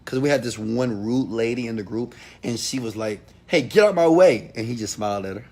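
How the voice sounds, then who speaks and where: A man giving a motivational talk to an audience, preachy and direct, swinging from loud calls to hushed asides. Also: on the low side, fairly even intonation, a little fast. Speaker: motivational speaker.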